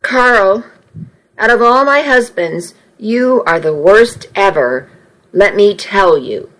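A woman reading as a shrill vain mother. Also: animated, slow, a bit bright, poor audio. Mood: indignant. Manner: dramatic, indignant. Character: shrill vain self-pitying mother, middle-aged. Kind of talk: reading a story aloud.

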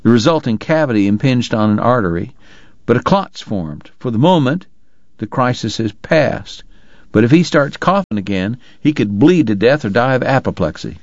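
A man's voice: mid-range voice, expressive, moderate pace, darkish tone, dry recording, lo-fi sound, lightly acted. A man voicing a curt, authoritative frontier doctor who snaps orders and explains matter-of-factly. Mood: stern.

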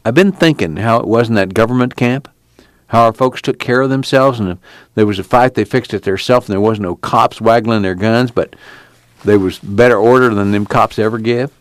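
A man's voice: on the low side, normal speed, no echo, close to an everyday voice. A man playing a brooding young fugitive. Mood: earnest. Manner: folksy rural dialect, thoughtful and plainspoken. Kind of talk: audiobook character reading.

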